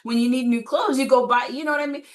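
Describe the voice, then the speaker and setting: A woman's voice: sits high, quick pace, far from the mic. A woman personal trainer talking bluntly and with energy in a casual interview chat. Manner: blunt, energetic, laughs often.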